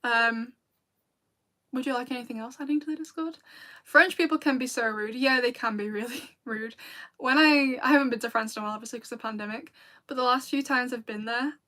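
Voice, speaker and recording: A woman's voice: on the high side, fairly quick, sharp tone. A British woman chatting casually with viewers on a livestream, rambling and laughing often. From Britain. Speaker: video creator and streamer.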